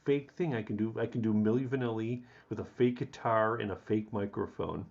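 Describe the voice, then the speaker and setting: A man's voice: lowish voice, steady tone, moderate pace, gravelly, darkish tone. A man hosting a casual live stream, rambling and chuckling as he talks to viewers by name and rants about the news. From Chicago area. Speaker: livestream host. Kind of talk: casual live chat, ranting. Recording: dull lo-fi stream audio.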